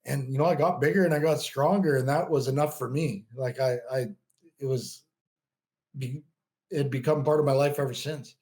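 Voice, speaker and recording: A man's voice: medium pitch, fairly even intonation, moderate pace, darkish tone. A middle-aged man, a bodybuilder and coach, telling stories as a podcast guest in a loose, rambling way full of restarts. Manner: rambling, frequent restarts and "you know". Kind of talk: casual storytelling interview.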